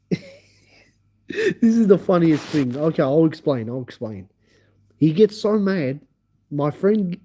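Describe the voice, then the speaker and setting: A man hosting a livestream, telling a rambling story in an excitable way and talking directly to his viewers. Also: on the high side. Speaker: livestream host.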